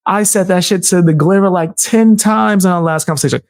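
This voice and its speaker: Young NY-accent man, blunt and heated live commentary, higher voice, dry close sound. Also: lively intonation, brisk, vocal fry, hardly any pauses, no echo. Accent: New York. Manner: blunt, heated, laughs often, swears. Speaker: streamer reacting to clips. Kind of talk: casual live-stream commentary.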